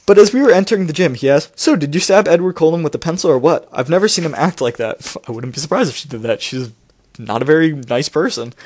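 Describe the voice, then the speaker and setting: A man's voice: a little high, expressive, fast, darkish tone. A man reading a novel aloud and mocking it with sarcastic commentary, laughing often between lines. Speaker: book reader and commentator. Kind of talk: sarcastic read-along commentary.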